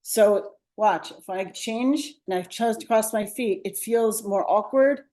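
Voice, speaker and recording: Mellow-voiced woman coaching on interviews. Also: mid-range voice, takes it slowly. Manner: upbeat, instructive, coaching tone. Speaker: co-host, media coach. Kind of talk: webinar advice talk. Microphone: lavalier on a video call.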